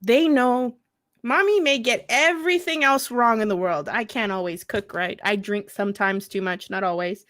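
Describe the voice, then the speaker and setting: Woman in her thirties, candid storytelling, blunt and profane, fairly high voice, dry close sound. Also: normal speed, fairly bright tone, no room sound. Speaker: veteran speaker at a mental health event.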